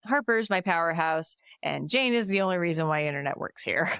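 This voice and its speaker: Woman podcast co-host, lowish voice, chatty plot recap with laughs, dry close mic. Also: fairly quick, vocal fry, smooth, no echo. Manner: lively retelling with laughs and quoted lines. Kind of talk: casual chat, plot recap.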